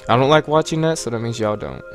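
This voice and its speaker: A young man casually narrating a let's play, jokey and slangy. His voice sits at an ordinary mid pitch. Game music plays faintly behind him. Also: fast talker. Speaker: gamer.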